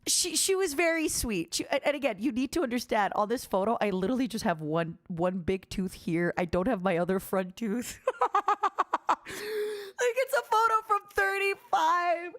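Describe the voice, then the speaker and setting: A lively woman streamer in her late thirties or forties, telling a story to her chat. Her voice sits a little high and swings widely in pitch. She breaks into bright, loud peaks of laughter. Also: normal speed. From Ukraine, raised in Canada. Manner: animated storyteller, jumps high and loud when amused, laughs often. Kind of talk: casual live-stream chat.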